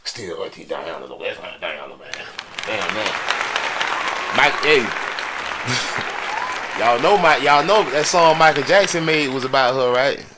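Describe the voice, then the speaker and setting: A man talks to his audience in a loose, slangy, joking vlog style. His pitch sits in an ordinary middle range for a man. Steady chatter and background noise run under his voice. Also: measured pace, pauses often. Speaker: vlogger showing his record collection. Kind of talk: casual chat to viewers. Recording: crowd and noise behind the voice.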